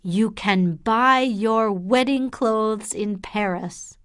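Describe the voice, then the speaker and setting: A persuasive young man courting his sweetheart, read by a woman. He coaxes and reassures, each word drawn out at a very slow pace. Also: medium pitch, a bit bright, clear, resonant tone, dry recording, clean studio sound. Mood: coaxing. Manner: coaxing, reassuring.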